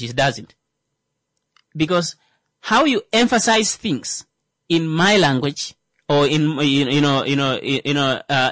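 A man's voice: a little high, a bit bright, no echo. Man, 30s, rambling comic talker, dry close mic. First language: Thimbukushu. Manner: rambling, many fillers and restarts. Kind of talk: casual comedic monologue.

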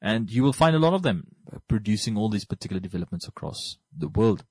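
Podcast host, man, lowish voice, dry close sound, rambles through his points with many restarts. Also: big pitch swings, fast, a little mellow, husky, no echo. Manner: rambling, often restarts and repeats words. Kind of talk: casual talk about books.

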